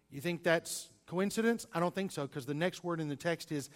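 A man preaching a sermon, stressing single words and swinging between loud and quiet delivery. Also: a little high, fairly quick, hardly any pauses. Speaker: pastor.

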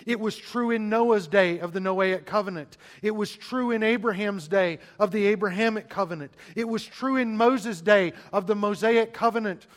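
A pastor's sermon, voiced by a man whose pitch sits high: he addresses everyone as "beloved," asks rhetorical questions, and swings from emphatic loudness to a near-whisper, holding long pauses for drama.

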